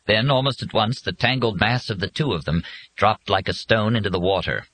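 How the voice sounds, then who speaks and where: A man reading an audiobook in a husky voice with dramatic, expressive scripted narration. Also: lowish voice, brisk, rough recording.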